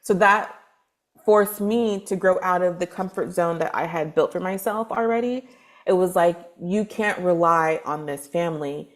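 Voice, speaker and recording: A woman from Texas, a spiritual advisor guest, telling her story in a chatty, lively podcast interview with lots of fillers. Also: on the low side, moderate pace. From Texas, USA.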